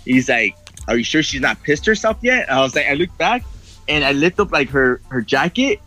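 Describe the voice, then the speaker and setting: A man's voice: medium pitch, big pitch swings, normal speed, pushed and bright, no room sound, soft background music, rough recording. A man telling a long story in casual chat, swearing a lot and acting out what people said. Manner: rambling, heavy swearing, acts out quoted voices. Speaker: podcast guest.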